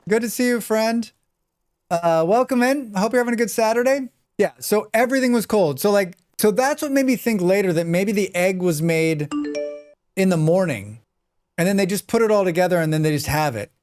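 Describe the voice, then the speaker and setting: This gamer has a high-pitched voice with a darkish tone and talks at a moderate pace. He streams casually, chatting as he plays and reading out viewers' messages to answer them. He keeps sneezing over and over.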